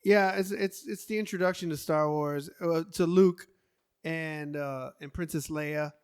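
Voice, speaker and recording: A man on a casual podcast, telling stories with lots of animation. He throws in sound effects and quick impressions, and his voice sits a bit high for a man. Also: smooth. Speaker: podcast co-host. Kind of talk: casual chat.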